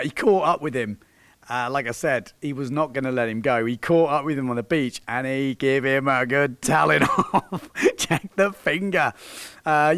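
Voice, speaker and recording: A windsurfing coach hosts a video, joking and laughing as he comments casually over clips of his students and shouts encouragement. His voice is mid-range, and the recording is dry.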